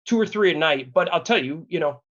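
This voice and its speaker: A man's voice: on the high side, animated, a little fast, fairly bright tone, dull audio. A man in his thirties from Wisconsin, telling a personal story as a podcast guest in a candid, earnest, rambling way with many restarts. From Wisconsin, USA. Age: 30s.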